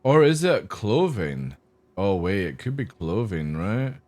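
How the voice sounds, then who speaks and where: A man's voice: lowish voice, big pitch swings, a little slow, darkish tone. A man livestreaming a game, chatting casually with viewers in a crude, joking, rambling way. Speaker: gaming streamer. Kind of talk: casual live-stream chat.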